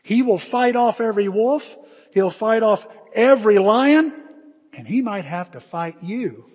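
A man preaching in a high, husky voice, telling stories with lively energy. His words ring out with a long reverb in a big hall. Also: measured pace. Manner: animated, bursts into shouts and laughter while acting out stories. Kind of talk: storytelling sermon.

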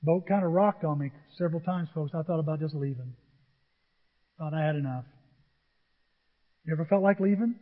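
A man preaching a sermon as pastor, swinging between loud declarations and quiet asides. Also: on the high side, moderate pace, pauses often. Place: church sanctuary. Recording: dull echoey sanctuary sound.

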